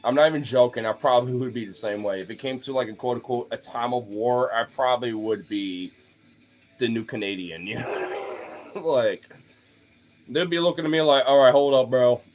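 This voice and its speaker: A man's voice: medium pitch, a little fast, soft background music. A man streaming to his followers in a casual, rambling rant, swearing freely, leaning on fillers and often laughing. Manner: profane, loose, filler-heavy with frequent laughs.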